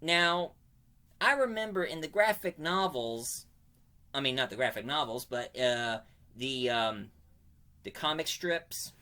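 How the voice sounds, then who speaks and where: Guy with a bright voice doing a chatty comic review, wanders off topic and fixes his words as he goes. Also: a little high. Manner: rambling, digressive, often corrects himself mid-sentence. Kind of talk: casual spoken review.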